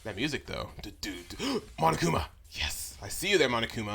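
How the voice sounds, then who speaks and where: A man's voice: mid-range voice, sing-song, fairly quick, vocal fry, fairly bright tone. A man streaming a game live, chatting casually with viewers, stammering and laughing as he talks. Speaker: let's play streamer.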